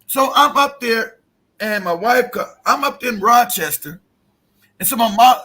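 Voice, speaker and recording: A man's voice: very high-pitched, expressive, a little slow, bright, forceful tone. A middle-aged man telling an emotional personal story in casual talk, profane and emphatic with many restarts.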